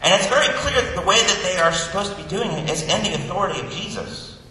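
A man preaching a sermon, telling the story in a lively, animated way and slipping into comic voices. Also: high voice, quick pace, a little hiss or hum. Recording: echoey hall, distant mic, faint ambience.

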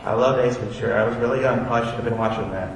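A man's voice: mid-range voice, fairly even intonation, very fast, slight background noise. A man from Florida telling personal stories before an audience in a chatty, self-deprecating, digressive way. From Orlando, Florida. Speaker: speaker giving a personal testimony. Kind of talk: storytelling talk before an audience. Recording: echoey hall, distant mic.

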